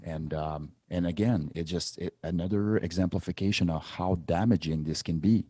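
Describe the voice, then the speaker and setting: A man's voice: low-pitched, moderate pace, dark tone, no room sound, clean studio sound. A man speaking as a podcast guest in a casual conversation, earnest and reflective. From Canada.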